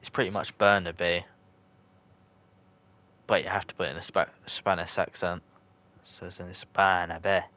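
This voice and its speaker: Low-voiced man streaming a football game. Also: flat delivery, normal speed, long pauses, pushed and bright. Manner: chatty and loose, answers chat viewers by name; jokey, slangy, swears when frustrated. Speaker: live streamer playing a football video game. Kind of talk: casual live-stream commentary, reacting to chat.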